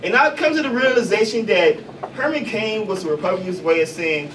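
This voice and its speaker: A man from Chicago doing stand-up comedy in a coffee house, loose and profane with deadpan punchlines. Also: high-pitched, slow, pauses often. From Chicago, USA. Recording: distant mic, noisy café room.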